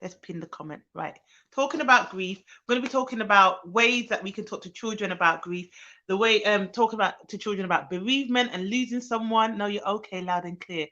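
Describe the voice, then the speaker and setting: A Birmingham woman who works in childcare hosts a chatty live stream, greeting viewers by name amid plenty of ums. She talks a little fast in a pushed, bright, middling-pitched voice, and the audio is a bit dull.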